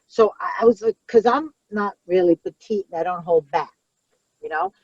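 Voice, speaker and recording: A woman comedian, around middle age, telling stories in podcast chat in a blunt, profane, animated way. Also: medium pitch, moderate pace, gravelly, no room sound. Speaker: comedian guest. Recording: dull lo-fi sound.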